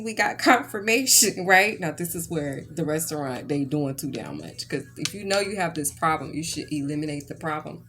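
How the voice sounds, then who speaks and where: Her voice lowish but fairly bright, a woman who reads tarot rambles through a story in a chatty, ranting way. She keeps asking "okay?" again and again in this casual storytelling reading.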